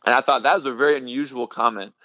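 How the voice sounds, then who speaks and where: A young man recounts his past in a casual interview. He talks haltingly, full of "um"s and restarts, and laughs now and then. The audio is dry and a little muffled. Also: mid-range voice, bright, forceful tone, no echo. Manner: halting, many fillers and restarts, laughs often. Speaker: middle school ministry director, guest.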